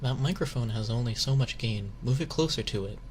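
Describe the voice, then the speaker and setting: A man's voice: medium pitch, a little fast, close to an everyday voice. A man playing a stern male interrogator who gives curt commands. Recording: background noise hiss.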